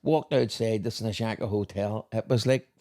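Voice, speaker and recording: A man's voice: lowish voice, normal speed, warm tone. A man, co-hosting a casual podcast, throwing in dry remarks and local sayings and telling his own stories with plenty of swearing. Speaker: podcast co-host. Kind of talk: casual chat.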